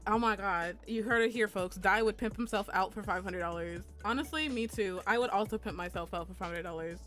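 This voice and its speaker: A young adult woman, a VTuber streamer and artist, chats with viewers while she draws on a live stream, with faint music behind her. Her mid-range voice is brisk and a bit bright, and her casual, crude banter is full of laughs and squeals.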